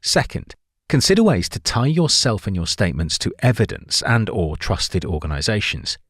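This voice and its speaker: A man reading a scripted book summary in a clear, measured way, lifting his voice on signpost words. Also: lowish voice, very animated, fairly bright tone, no echo, studio quality. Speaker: narrator.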